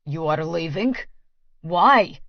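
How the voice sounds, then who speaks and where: Woman doing Vasily, a low, thick-accented Russian man. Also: expressive, takes it slowly, creaky, dry recording, full character voice. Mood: agitated. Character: thick-accented agitated Russian man, tall, intense, possessive. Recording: dry, slightly dull studio audio.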